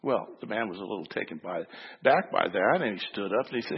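A man's voice: fairly low pitch, expressive, fairly quick, creaky, husky, big-room sound, muffled recording. A man preaching a sermon, telling a story and acting out its voices before making his point. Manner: storytelling, acts out voices in the anecdote. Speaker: pastor.

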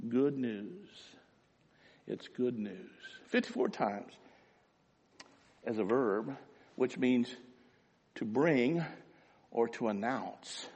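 A man's voice: medium pitch, slightly rough, dull audio. A man preaching a sermon as pastor, talking animatedly. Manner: animated preaching, rising to shouts. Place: church sanctuary. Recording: long echo of a church hall.

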